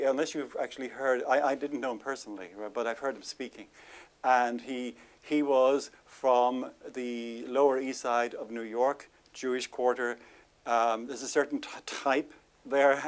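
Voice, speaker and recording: A man giving an informal lecture to a live audience in a chatty way. He laughs often, makes self-deprecating asides and stresses lists of words with lively emphasis. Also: mid-range voice.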